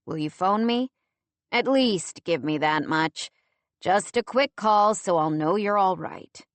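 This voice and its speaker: A woman's voice: medium pitch, lively intonation, slow pace, no room sound. Woman reading a pressing, worried boyfriend. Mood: gentle. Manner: pressing, then gently pleading. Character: insistent grown man, a worried boyfriend.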